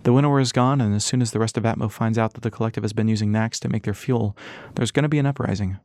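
A man voicing Ras, an earnest, battered young man in an audiobook, explaining calmly. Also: lowish voice, very fast, no room sound, lightly acted.

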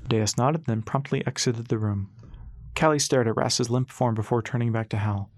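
A man narrating an audiobook in a steady, even storytelling voice. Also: mid-range voice, moderate pace, no echo, studio quality.

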